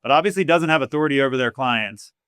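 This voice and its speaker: Male podcast host; relaxed, encouraging, filler-heavy, mid-pitched, dry close sound. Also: fast, clean tone, no echo. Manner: casual, affirming, many fillers. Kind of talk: conversational interview.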